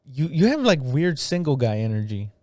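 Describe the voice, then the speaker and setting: A man's voice: medium pitch, big pitch swings, a little slow, a little mellow, dry recording, clean studio sound. A man hosting a comedy podcast, teasing his guest in crude, joking banter. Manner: teasing, crude, laughs a lot. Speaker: podcast host.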